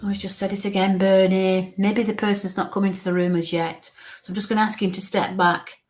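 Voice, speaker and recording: Brief: woman medium on a live reading, mid-pitched, halting delivery, drops to quiet coaxing murmurs between descriptions. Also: flat delivery.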